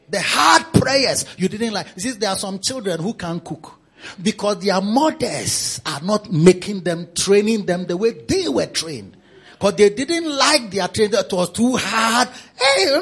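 A pastor preaching a sermon in a teasing, repetitive style. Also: male voice, high voice, fairly bright tone, husky.

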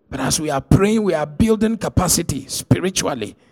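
Animated pastor preaching. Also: male voice, a little high. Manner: preaching with testimony, swinging from hushed to shouted. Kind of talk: sermon.

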